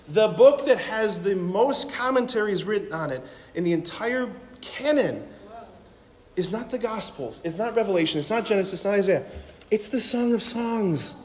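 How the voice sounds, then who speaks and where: A man giving an energetic, joking talk to a live audience as a Catholic speaker, with a conversational manner and frequent "right?"s. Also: high voice. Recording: long hall reverb.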